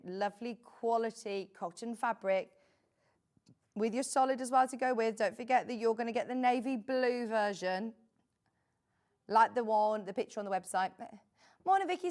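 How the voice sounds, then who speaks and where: A woman's voice: on the high side, a little mellow. A middle-aged woman presenting on a shopping channel, chatting casually and drifting into friendly asides while selling fabric. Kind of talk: live TV sales chat.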